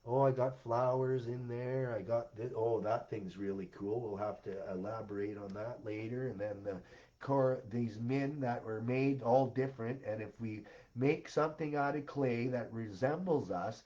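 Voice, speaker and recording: A man's voice: mid-range voice, moderate pace, warm tone, muffled recording. A man delivering a rambling, intense monologue as the host of his own video series.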